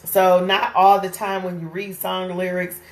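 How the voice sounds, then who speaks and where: A woman's voice: on the low side, little pitch movement, unhurried, roomy sound. A woman teaching a casual Bible study, talking conversationally and often checking in with "right?". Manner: conversational, keeps asking "right?".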